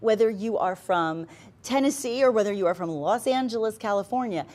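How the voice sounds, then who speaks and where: A woman's voice: medium pitch, lively intonation, a little fast, darkish tone. A woman co-hosting a TV shopping show, talking in a persuasive, conversational way. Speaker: shopping channel host. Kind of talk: live TV shopping banter.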